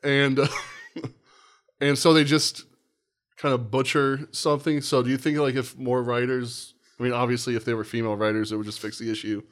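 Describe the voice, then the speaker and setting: A man's voice: medium pitch, little pitch movement, moderate pace. A man hosting a casual podcast chat, rambling and self-deprecating and often losing his train of thought. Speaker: podcast host.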